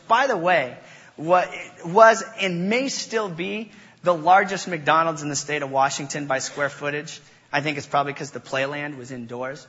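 Bright-voiced young man preaching in a hall. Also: on the high side. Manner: playful, self-mocking storyteller with quick voice changes. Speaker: pastor. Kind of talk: sermon with personal storytelling. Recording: dull sound in a reverberant hall.

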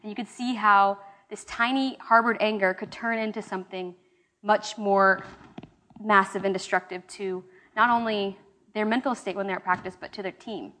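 This small-group Bible study leader, a young woman, speaks at a moderate pace in a steady, medium-pitched voice that sounds pushed and bright. Her teaching is casual and conversational, with fillers and restarts.

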